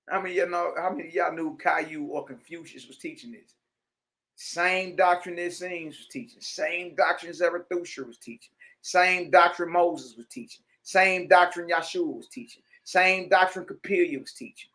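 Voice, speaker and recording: A man with a high, fairly bright voice speaks at normal speed while teaching a religious lesson. He reads passages aloud and comments on them in an emphatic, conversational preaching style, calling out to his listeners.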